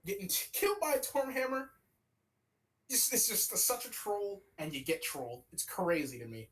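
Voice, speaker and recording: A man's voice: high-pitched, animated, moderate pace, fairly bright tone, low-quality recording. A young man co-hosting a casual gaming podcast, rambling and swearing as he ranks characters. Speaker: podcast co-host.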